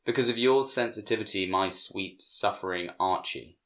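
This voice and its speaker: A man voicing a doting, sly demon woman in soft, cooing tones. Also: on the low side, moderate pace, natural voice.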